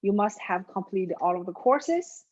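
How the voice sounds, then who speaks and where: A woman's voice: medium pitch, sing-song, a little slow, a little mellow, dull audio. A woman mindset coach telling a story and then speaking earnestly and directly to her viewers.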